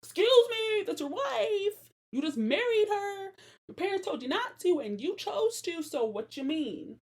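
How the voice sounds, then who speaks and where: A woman's voice: on the high side, very animated, fast talker. A woman voicing a rude young husband who brushes off his wife in a curt, dismissive way.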